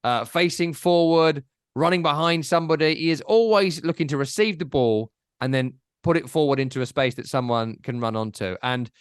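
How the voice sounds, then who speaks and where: A man co-hosting a casual football podcast, animated and jokey, often mimicking commentators. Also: fairly high pitch, moderate pace, smooth, dry recording, clean studio sound. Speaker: podcast co-host.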